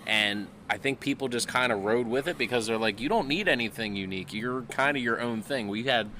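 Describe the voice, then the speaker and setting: A man's voice: medium pitch, fairly quick, a little hiss or hum. A young man co-hosting a podcast, chatting casually with dry, teasing humor. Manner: dry, teasing deadpan jokes. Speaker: podcast co-host. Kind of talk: casual chat.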